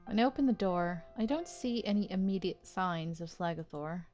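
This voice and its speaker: A confused young man narrates his own thoughts in a quiet, subdued voice, as a woman reads the game text aloud. Soft music sits faintly behind. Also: on the low side, expressive, normal speed, natural voice. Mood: puzzled.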